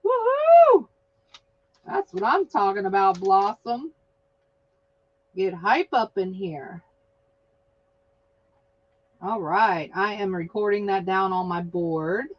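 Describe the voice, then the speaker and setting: A woman hosting an online craft market live stream, exuberant and cheering winners with loud whoops. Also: mid-range voice, very animated, slow pace, pauses often, highs cut off.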